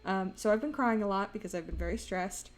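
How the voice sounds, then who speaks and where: A woman's voice: medium pitch, brisk. Emotional, rambling young woman streamer. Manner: emotional, rambling, laughs often, swings between loud exclaims and quiet asides. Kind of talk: casual stream chat while drawing.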